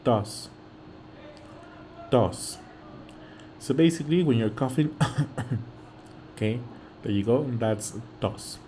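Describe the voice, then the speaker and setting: A man's voice: mid-range voice, animated, slow, pauses often, warm tone, a little hiss or hum. A man with a Mexican accent teaching vocabulary, patiently repeating each word and often checking in with "okay?". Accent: Mexican Spanish. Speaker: Spanish teacher. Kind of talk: slow vocabulary lesson.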